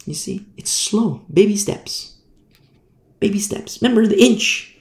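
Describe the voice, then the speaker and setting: Blunt, high-voiced male preacher, gravelly. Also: expressive, unhurried, roomy sound. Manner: blunt, plain-spoken, mocks opponents. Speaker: pastor. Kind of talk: sermon.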